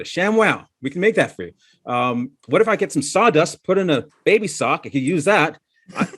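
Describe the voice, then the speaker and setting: A man's voice: fairly high pitch, fairly bright tone, husky. A middle-aged man from Chicago doing a stand-up comedy set in a comedy club, talking loosely with stumbling restarts and laughing at his own jokes. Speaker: stand-up comic.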